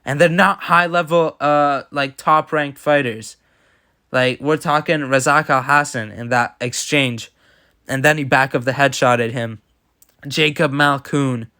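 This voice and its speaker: A man's voice: medium pitch, sharp tone. A man giving casual, blunt and opinionated reactions to fight results as commentator. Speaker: MMA commentator.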